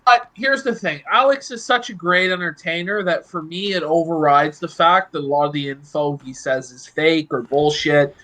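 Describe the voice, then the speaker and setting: A man's voice: a little high, normal speed, hardly any pauses, bright, forceful tone. A man in casual chat, giving offhand, opinionated takes.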